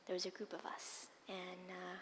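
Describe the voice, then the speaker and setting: A woman nun gives a dharma talk in a monastery hall, her voice trailing off in a long reverb. She tells personal stories expressively and drops into soft, breathy asides, with a faint hum of room ambience behind her. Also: fairly low pitch, completely flat delivery, normal speed. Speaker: Buddhist nun and dharma teacher.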